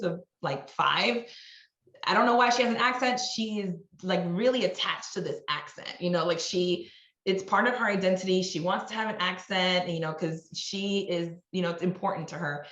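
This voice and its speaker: Low-voiced woman from New York. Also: a little fast, a bit bright, roomy sound, lo-fi sound. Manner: candid, conversational, many restarts. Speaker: guest, marketing executive. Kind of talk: podcast interview.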